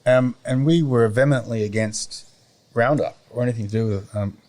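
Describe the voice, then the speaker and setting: A middle-aged Australian man chatting as a podcast guest, rambling and often pausing to search for words. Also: mid-range voice, darkish tone. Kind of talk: casual conversation.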